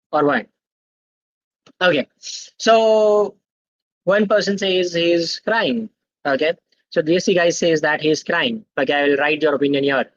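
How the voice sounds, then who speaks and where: A man's voice: a little high, fairly bright tone, no room sound. A young man gives a live online lesson and keeps pulling the chat into the discussion. He constantly checks in with "okay?" as he explains. The sound is dry and a little muffled, like a computer mic on a video call. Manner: interactive, quizzes the chat, tags sentences with "okay?". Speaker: guest speaker at a student tech workshop. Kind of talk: live online teaching session.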